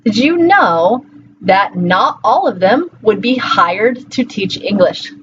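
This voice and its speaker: A woman's voice: mid-range voice, very animated, slow. A woman from Colorado giving a recorded linguistics lecture in a conversational way, with many fillers and checks like "right?". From Colorado, USA. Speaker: linguistics teacher. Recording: slightly dull, faint background hum.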